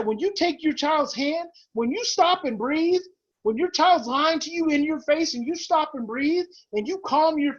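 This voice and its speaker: A man's voice: very high voice, muffled recording. A man presenting a parenting webinar, urging parents on in an emphatic, repetitive, preacher-like way. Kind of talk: impassioned webinar teaching.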